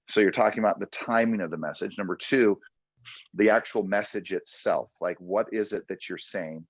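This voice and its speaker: A man's voice: fairly low pitch, normal speed, breathy edge, no echo. A man hosting a real estate training session, coaching with emphatic, repetitive punchy phrases. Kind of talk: motivational coaching talk.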